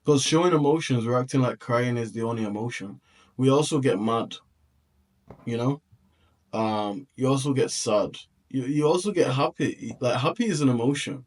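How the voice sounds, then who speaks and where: A man's voice: medium pitch, normal speed, darkish tone. Heartfelt man reacting to a clip. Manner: heartfelt, repeats himself, restarts often. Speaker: reaction video host. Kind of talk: reflective reaction commentary.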